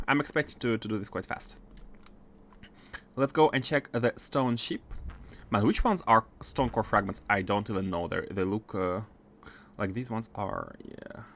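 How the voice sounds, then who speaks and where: Animated man chatting over his gameplay. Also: mid-range voice. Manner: thinking aloud, many fillers and restarts. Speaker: gaming streamer. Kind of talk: casual game commentary.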